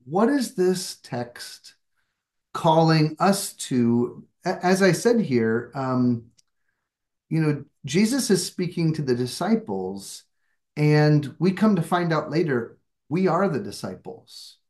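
Bible study leader on a video call, thinks out loud, a bit self-deprecating. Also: mid-range voice, very animated, takes it slowly. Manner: reflective, searching, self-deprecating. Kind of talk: leading a group discussion.

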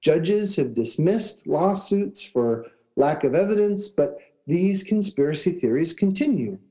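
A man preaching a sermon, telling a personal story in a conversational way, with restarts and pauses. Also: a little high, lively intonation, warm tone, rough recording. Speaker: pastor.

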